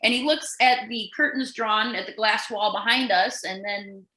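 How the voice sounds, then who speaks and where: With a mid-range voice at a moderate pace, this nurse and podcast co-host spins a casual story, bringing it to life by performing each character's quoted lines. The audio is reverberant and of low quality.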